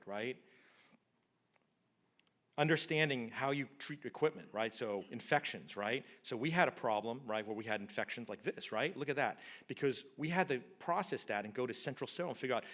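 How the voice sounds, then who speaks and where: A man's voice: mid-range voice, a bit bright. A man, a spine surgeon, giving a conference lecture in a conversational way, telling stories and ending many sentences with "right?". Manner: conversational, tags nearly every point with "right?", acts out quoted dialogue. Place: lecture hall.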